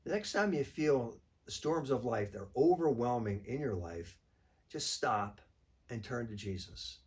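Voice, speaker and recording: A man's voice: mid-range voice, expressive, a little slow. A man, a priest, giving a short weekly reflection in a conversational, plain-spoken way.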